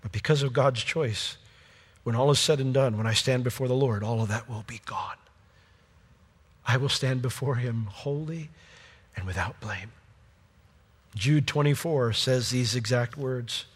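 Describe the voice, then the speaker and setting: A man preaching a sermon with passion, his voice swinging from loud peaks to hushed, quiet lines. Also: medium pitch, a little slow, long pauses, breathy edge. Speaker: pastor. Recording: long hall reverb.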